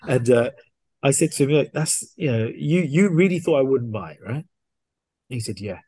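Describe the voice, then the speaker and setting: A man, a podcast guest, casually telling a story and acting out the dialogue in an animated way. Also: mid-range voice, moderate pace, slightly rough, no room sound. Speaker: guest watch collector.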